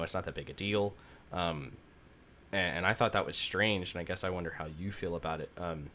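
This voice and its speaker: A man's voice: deep voice, a little hiss or hum. A man hosting a podcast, rambling in casual chat with lots of fillers and swearing. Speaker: podcast host.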